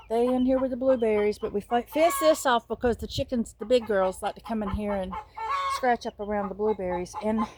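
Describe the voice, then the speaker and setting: Chickens wander the backyard garden that a Southern-accented woman tours casually on her handheld phone, joking as she goes. Her voice is fairly high against background noise, and she is animated and chatty, ranging from mutters to loud exclamations.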